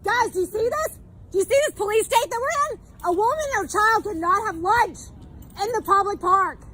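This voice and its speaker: A woman shouting angrily and swearing at someone while filming herself outdoors in a public park, her voice going sore. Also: very high-pitched, brisk. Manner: shouting, angry, profane. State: voice getting sore. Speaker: protester filming a livestream. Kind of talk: heated livestreamed confrontation.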